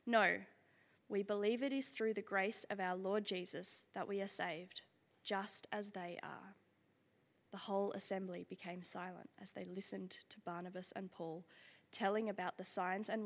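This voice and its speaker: Brief: woman lay reader, mid-pitched, measured reading, church hall echo. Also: steady tone. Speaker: scripture reader. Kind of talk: reading scripture aloud. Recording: long reverb of a large hall.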